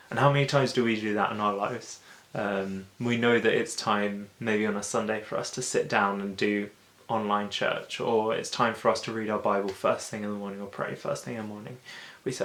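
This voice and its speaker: A man's voice: on the low side, fairly even intonation, fairly bright tone. Chatty man teaching in an echoey room. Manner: chatty and informal, acts out excuses in quick asides. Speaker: daily Bible video host. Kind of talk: casual Bible teaching.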